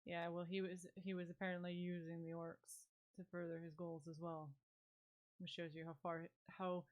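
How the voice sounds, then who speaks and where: Woman player in a tabletop game, lowish voice, casual and blunt reactions. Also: flat delivery, moderate pace, muffled recording.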